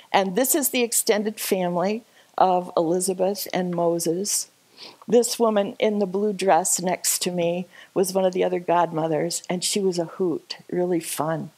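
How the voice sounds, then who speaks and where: Woman, casual church talk, animated storytelling, frequent laughter, medium pitch. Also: low-quality recording. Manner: chatty, laughing often, animated. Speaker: church speaker sharing a trip slideshow. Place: church service.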